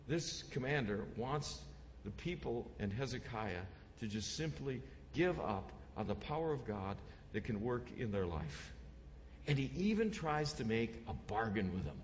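Guy preaching a sermon, kinda high voice, swings up and down a lot, long echo, muffled sound. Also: a little hiss or hum. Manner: animated preaching, repeats words, acts out quoted lines. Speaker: pastor. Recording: muffled audio, long hall reverb.

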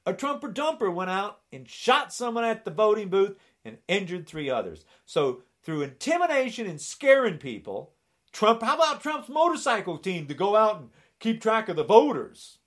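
A man's voice: high-pitched, big pitch swings, moderate pace, a bit bright. A man delivering an angry political rant, sarcastic and indignant, often mocking.

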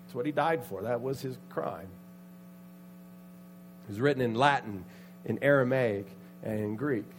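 Male pastor, storytelling sermon, acts out characters, medium pitch, faint mains hum. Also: moderate pace. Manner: animated, acts out the characters' voices with loud outbursts.

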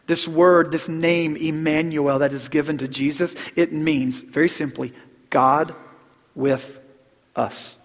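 A middle-aged man preaching a Christmas sermon as pastor, earnest, repeating words and dropping to a hush on key phrases. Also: on the high side, fairly even intonation, takes it slowly. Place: church sanctuary. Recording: long hall reverb.

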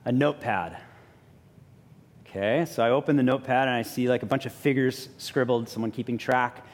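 A man pastor, telling a personal story in a sermon with lively self-mocking humor, then growing soft and quiet for reflection. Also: medium pitch, a little fast, long reverb tail. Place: church sanctuary.

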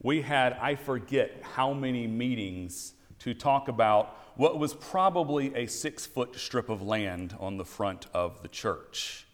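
A man giving a sermon as pastor, telling an animated story with wry asides. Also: mid-range voice, slow pace, few pauses. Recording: long church reverb.

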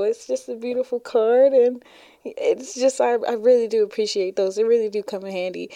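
A woman's voice: mid-range voice, fairly quick, mellow, no echo, studio quality. A woman hosting her own podcast, talking casually and laughing often as she shares stories. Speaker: podcast host. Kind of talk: casual solo podcast chat.

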